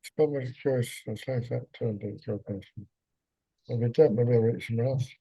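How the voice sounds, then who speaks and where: A man playing in a tabletop role-playing session, talking casually in a halting, unsure way. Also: medium pitch, mellow, slightly rough, low-quality recording. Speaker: player. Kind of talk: casual tabletop play chat.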